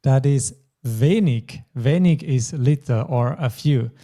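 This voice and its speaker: A man's voice: mid-range voice, slow, mellow. A man teaching a German lesson, explaining grammar patiently step by step. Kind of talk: language lesson.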